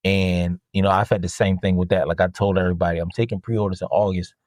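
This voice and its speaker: A man telling rowdy stories about his customers in a casual, profane, animated rant, sometimes imitating them in a higher voice. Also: fast, dry recording, low-quality recording. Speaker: podcast host and jersey seller.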